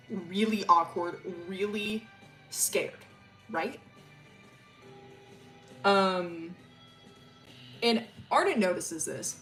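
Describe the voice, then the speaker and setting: A woman's voice: mid-range voice, extremely slow, long pauses, a bit bright. Rambling woman streamer, swearing casually. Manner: rambling, filler-heavy, swears freely, laughs often. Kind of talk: casual storytelling about original characters. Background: faint music.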